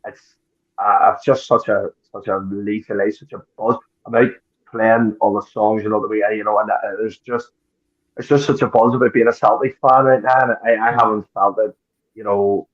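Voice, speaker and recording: A man guests on a casual podcast chat, speaking haltingly with lots of pauses and restarts. His voice sits a little low for a man. The audio is dull and lo-fi. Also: steady tone. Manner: halting, many fillers and restarts. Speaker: podcast guest, folk singer.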